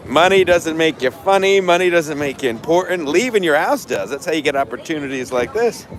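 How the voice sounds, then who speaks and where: Man, brash livestream rant, fairly high voice, loud street noise around. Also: animated, a little fast. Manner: brash, ranting, boastful. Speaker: livestream host. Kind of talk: walking livestream vlog. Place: outdoors around a stadium. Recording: noisy outdoor street sound.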